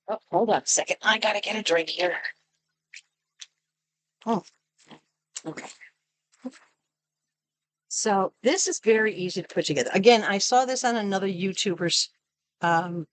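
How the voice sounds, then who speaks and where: A woman's voice: medium pitch, a little hiss or hum. A woman chatting casually through a product unboxing, showing each item as she talks. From Arizona. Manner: chatty, shows items while talking. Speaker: product review vlogger.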